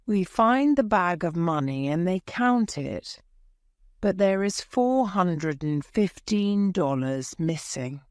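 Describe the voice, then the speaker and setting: A woman narrates a graded reader at a very slow, deliberate pace, in a somewhat low voice. The recording is dry and close, with no room sound. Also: expressive, a little mellow, smooth, dry recording. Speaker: audiobook narrator. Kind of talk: slow scripted storybook narration for learners.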